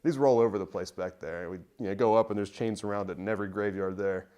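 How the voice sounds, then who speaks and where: Man, young adult, casual anecdote, low voice, rambling. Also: steady tone, fast talker, dark tone, clean tone. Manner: loose and rambling, many fillers. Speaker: interviewee.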